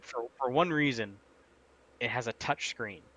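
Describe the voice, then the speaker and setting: A man's voice: mid-range voice, a little slow, pushed and bright, low-quality recording. A man co-hosting a casual live stream chat, rambling through game news with lots of fillers and laughs.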